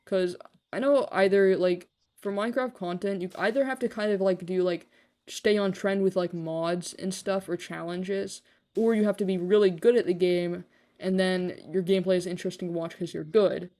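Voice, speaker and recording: Her voice is lowish, warm, and steady, at a moderate pace. A young woman gaming on a live stream chats loosely and rambles, packing in fillers, cursing openly, and teasing herself.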